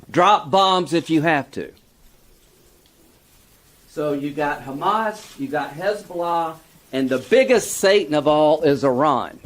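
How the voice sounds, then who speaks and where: A man delivering a forceful political speech, building from measured points to emphatic outrage. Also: on the high side, animated. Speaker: lawmaker giving a speech.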